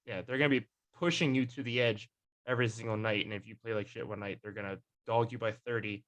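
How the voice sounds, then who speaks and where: A young man with a bright, lively tone hosts a casual sports chat. He rambles along, full of fillers and restarts. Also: fairly low pitch, fast talker. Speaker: podcast host.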